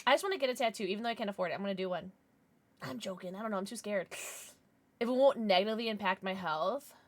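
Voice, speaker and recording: Talking fast in a mid-range voice, a young female streamer thanks her viewers, squeals excitedly and keeps up casual banter with chat.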